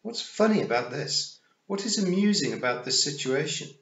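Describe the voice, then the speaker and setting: Imperious fairy queen, a man doing her, sharp, petulant, high, storybook villain. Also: lively intonation, normal speed, reverberant, muffled recording. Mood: demanding.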